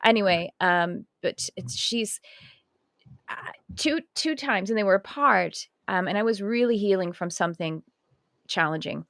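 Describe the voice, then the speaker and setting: A woman chatting on a podcast, telling a story in a rambling, animated way and correcting herself mid-sentence. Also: medium pitch, unhurried, no room sound, clean studio sound. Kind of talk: casual podcast chat.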